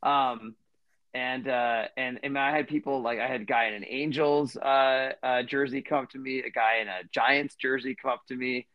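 A man's voice: medium pitch, steady tone, normal speed, dry recording, dull audio. Podcast co-host, man, 30s, mid-range voice; loose rambling delivery full of fillers, dry recording. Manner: rambling, many fillers and restarts. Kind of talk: casual storytelling chat.

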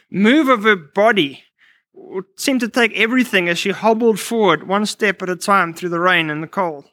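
A man's voice: high voice, bright, forceful tone, no echo. A man preaching a sermon, telling personal stories and quoting scripture, with frequent restarts and fillers.

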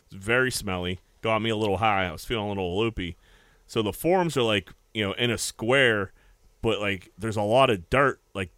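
A man co-hosting a podcast, telling stories in casual banter, swearing freely and getting loud when excited. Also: lowish voice, no echo. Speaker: podcast co-host.

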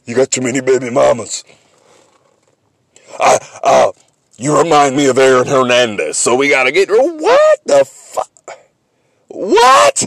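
A man hosting a sports podcast, ranting comically and mockingly, swinging between loud outbursts and low asides. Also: fairly even intonation, normal speed, creaky, long pauses, no echo. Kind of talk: comedic sports rant.

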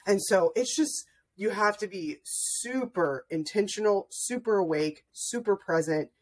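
Chatty husky woman podcast host. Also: medium pitch, lively intonation, a little slow, a little mellow. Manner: chatty, storytelling with frequent "like" fillers. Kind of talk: casual conversational interview.

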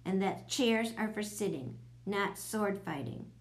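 Lady reading as a school principal guy, firm but kind, measured. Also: mid-range voice, animated, lightly acted. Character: male school principal, kindly but stern.

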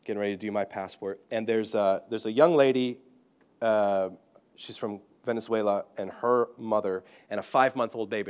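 A British-born man, a pastor, telling a personal story in an animated, self-deprecating and humorous way. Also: lowish voice. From Britain. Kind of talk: storytelling sermon.

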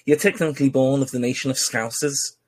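A man's voice: mid-range voice, fairly even intonation, fairly quick, darkish tone, no echo. Rambling, jokey podcast host man. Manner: rambling, hesitant with many fillers, jokey. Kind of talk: casual podcast chat.

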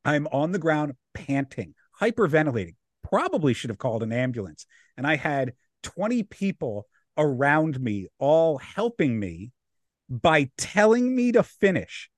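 A young man and podcast co-host, telling a story in casual chat, animated and laughing as he acts out the people in it. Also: mid-range voice, measured pace, dry recording.

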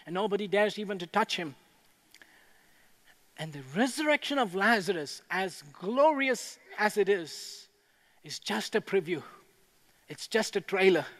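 A high-pitched male pastor preaching in a big, echoing hall. He speaks in measured, earnest phrases and rises to fervent, ringing declarations. Every line carries a long reverb tail. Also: fairly bright tone. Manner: builds to impassioned proclaiming. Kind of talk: sermon.

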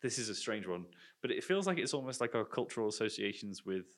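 A man's voice: lowish voice, very animated, fast. A man in a casual film discussion who floats his theories with self-mocking laughter.

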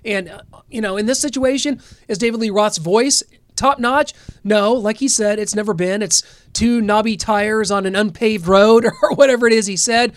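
A man's voice: high-pitched, moderate pace, no echo. A man from the American Midwest hosting a rock podcast in a chatty, upbeat, rambling way. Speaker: podcast host. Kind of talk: casual chat.

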